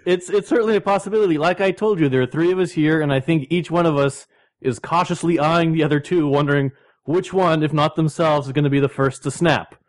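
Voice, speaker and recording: A man with a slightly high voice, chatting among friends. He speaks in a dry, measured way and slips in deadpan jokes. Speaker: podcast co-host. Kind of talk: casual group chat.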